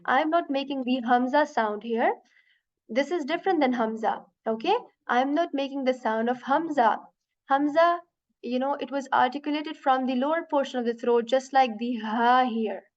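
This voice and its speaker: A woman teaching an online beginners' lesson on letter sounds, patient and repetitive, often checking in with "right?" and demonstrating sounds slowly. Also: high voice, dull audio. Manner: patient, repeats sounds slowly, many "you know" and "right?". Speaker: Quran teacher.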